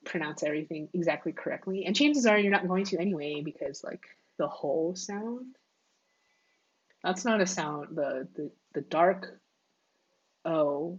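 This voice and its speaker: A woman's voice: low-pitched, normal speed, slightly rough, muffled recording. A woman hosting a casual livestream, thinking aloud and chatting with lots of filler words. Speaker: livestream host. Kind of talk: casual livestream chat while coding. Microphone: wireless earbuds.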